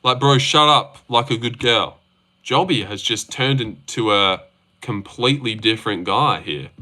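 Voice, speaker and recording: A man's voice: unhurried, bright, forceful tone. A young man from Australia, hosting a live chat about fights, teasing viewers and swearing freely. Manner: teasing, swears freely, jumps up in pitch when mocking. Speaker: livestream host reading chat.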